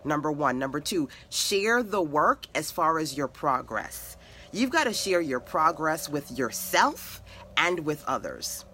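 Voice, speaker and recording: A woman in middle age who coaches women entrepreneurs, talking with bright, forceful energy. She drives her points home in emphatic repeated lists and speaks like a preacher on a live stream. Her voice stays firm and direct. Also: deep voice, very animated, unhurried, a little hiss or hum. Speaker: web designer and mentor to women entrepreneurs. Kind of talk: motivational live-stream talk.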